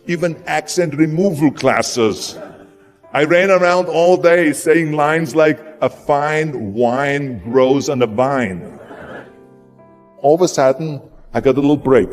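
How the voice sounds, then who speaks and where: A man with a German accent giving a motivational speech, emphatic and repeating words for punch. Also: medium pitch. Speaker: motivational speaker. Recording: long hall reverb with music behind.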